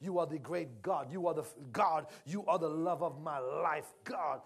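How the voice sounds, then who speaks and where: Preacher, man, high voice, talks to the congregation in a sermon, then leads loud fervent worship. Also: normal speed, gravelly, breathy edge. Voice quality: speaks in tongues during worship. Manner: conversational, quiet teaching building to loud fervent worship leading.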